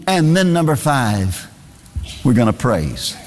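A man's voice: on the high side, animated, normal speed, in a large hall. A man preaching a sermon, reading scripture aloud in a singsong cadence and repeating phrases for emphasis.

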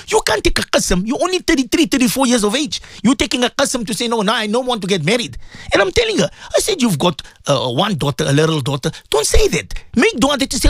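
A middle-aged man hosting a radio advice talk, preaching with lots of repetition and swinging between loud urging and soft pleading. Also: sits high, no room sound. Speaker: radio host and Islamic counselor.

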